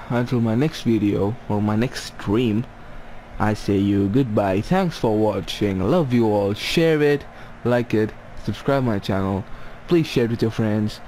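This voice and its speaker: A young man providing excited commentary over his own football video game, calling out players' names and cheering or groaning at each play. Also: mid-range voice, a little slow, slight background noise. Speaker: gaming YouTuber.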